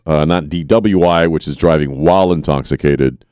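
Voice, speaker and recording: Very deep-voiced male radio host. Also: fairly even intonation, darkish tone, smooth, dry recording, studio quality. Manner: halting, full of "uh" and restarts. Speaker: radio morning show host. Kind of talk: casual talk radio news chat. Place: radio studio.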